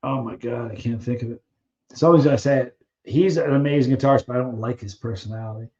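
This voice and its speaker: A man's voice: medium pitch, fast talker, a little mellow, dull audio. A man hosting a casual live stream, chatting loosely with viewers, reading out their questions and trailing off while he searches for names.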